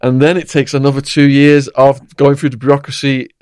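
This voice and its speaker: A man with a middle-pitched voice tells his own story in a plain, matter-of-fact way. The sound is close and dry, with no room around it. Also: level tone, brisk, darkish tone, clean tone, dry recording. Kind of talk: casual conversation.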